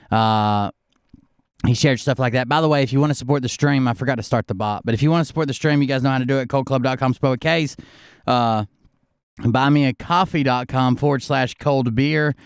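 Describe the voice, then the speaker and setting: A man's voice: mid-range voice, clean tone, no room sound, clean studio sound. A man hosting a live stream, rambling casually with lots of fillers and swearing, a little sick. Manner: loose, profane, filler-heavy. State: slightly sick. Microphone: close desk mic.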